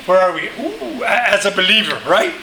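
A man's voice: high-pitched, sing-song, normal speed, sharp tone, reverberant, slight background noise, poor audio. A man preaching a sermon, emphatic and conversational, often asking his listeners "right?" and calling for answers. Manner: emphatic, call-and-response, frequent "right?". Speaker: pastor.

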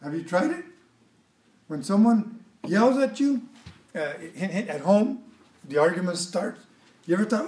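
A man's voice: high voice, sing-song, measured pace, long pauses, a little mellow, roomy sound, far from the mic, rough recording. A man preaching a sermon in a conversational way, often repeating words and adding asides to his listeners. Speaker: pastor.

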